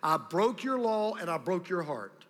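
A pastor preaching a sermon, emphatic and repetitive, with a storyteller's delivery. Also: male voice, high-pitched, very animated, unhurried, a bit bright. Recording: long reverb of a large hall.

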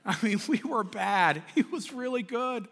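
A man's voice: high-pitched, animated, a little slow, fairly bright tone. A man preaching a sermon as pastor, talking in a conversational way with repeated words and questions to the congregation, in a large church. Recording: long church reverb.

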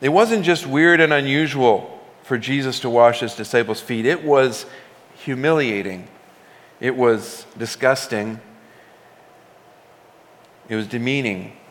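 A pastor retells a scripture story in his own words, speaking conversationally and building emphasis. His medium-pitched voice is unhurried, with long pauses, and a long hall reverb surrounds it.

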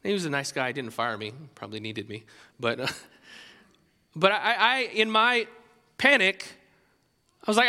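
A man preaching a sermon as pastor, animated and conversational, with many restarts. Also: fairly high pitch, normal speed, long pauses, long reverb tail.

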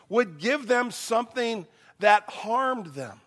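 A middle-aged man preaching a sermon, his voice a bit strained, animated and acting out quoted voices. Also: sits high, moderate pace. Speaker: pastor.

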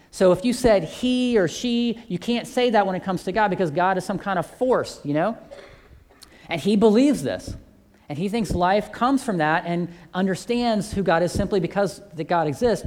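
A man's voice: high-pitched, a little mellow. A man who teaches a church faith course, telling a testimony story and acting out both sides of the conversations.

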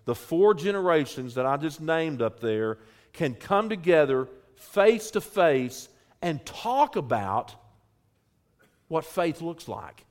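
A man speaks earnestly to a church gathering, introducing a video before a panel. His voice sits a little high for a man, and he stumbles over his words now and then. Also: sing-song, slow pace. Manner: earnest, with small restarts. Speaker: church program host. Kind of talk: addressing a congregation.

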